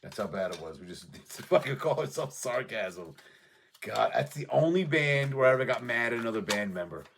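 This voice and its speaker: A man's voice: mid-range voice, lively intonation, normal speed, creaky, fairly bright tone, a little hiss or hum. A man rambling casually about his past, profane and offhand, trading memories as he goes. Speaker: music show host.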